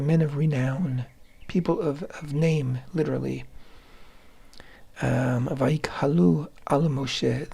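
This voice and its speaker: This is a man co-hosting a radio talk show, working through a scripture passage in a relaxed, explanatory way. His voice has a rough, gravelly texture with a husky, slightly breathy edge. He pauses often to gloss Hebrew terms and restarts phrases mid-thought. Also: a little high. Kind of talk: Torah commentary talk.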